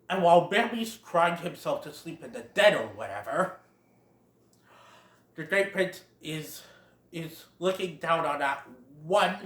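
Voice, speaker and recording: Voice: medium pitch, fairly bright tone, roomy sound. A film reviewer retelling a plot in a casual, chatty way, laughing along. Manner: chatty, laughs at own jokes.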